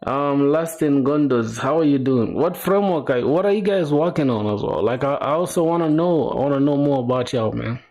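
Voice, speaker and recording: A man's voice: medium pitch, fairly quick, hardly any pauses, darkish tone. A young man casually chatting with viewers on a coding livestream, laid-back and slangy, explaining as he thinks aloud. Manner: answers chat while thinking aloud, with fillers and restarts. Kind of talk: casual live-stream chat.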